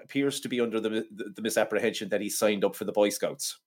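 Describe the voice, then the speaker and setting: A man's voice: on the low side, quick pace. Sweary sarcastic man. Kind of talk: casual film chat.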